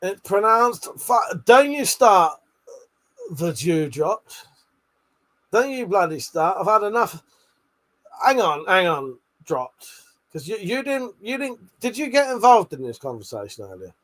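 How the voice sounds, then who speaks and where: High, lively, swearing man. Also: a little slow. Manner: swears a lot, laughs often, bantering. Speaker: livestream host. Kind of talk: casual late-night livestream chat with viewers.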